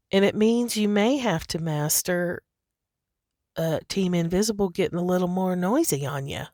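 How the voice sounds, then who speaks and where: A woman's voice: lowish voice, dry recording, studio quality. A woman hosting a podcast, talking in a casual, chatty monologue. She laughs often and fills her talk with "you know" and "like". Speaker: podcast host.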